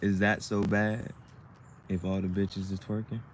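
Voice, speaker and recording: Man, low register, casual slangy freestyle rambler, slight background noise. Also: little pitch movement, a little slow. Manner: loose, slangy, playful rhymes. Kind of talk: casual rhyming monologue.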